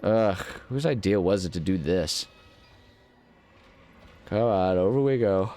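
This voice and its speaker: A man with a somewhat low voice gives casual commentary while he plays a game. He rambles and mocks himself, and drifts into little nonsense tunes between thoughts. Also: expressive, takes it slowly, long pauses, mellow. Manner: rambling, self-mocking, sings nonsense syllables. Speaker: gaming channel host.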